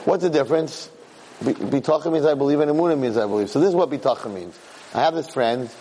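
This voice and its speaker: A man giving a Torah class as a lively, emphatic storyteller who keeps jumping into character voices, in an echoey hall. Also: medium pitch, slight background noise. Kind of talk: animated Torah lecture with storytelling. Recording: echoey hall with long reverb.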